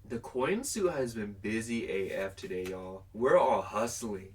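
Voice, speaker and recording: A man's voice: on the low side, animated, measured pace, a little mellow, far from the mic. A young man chatting casually through a pick-a-card tarot reading to camera, rambling and filling his talk with "like". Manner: chatty and rambling, heavy use of "like". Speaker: tarot reader.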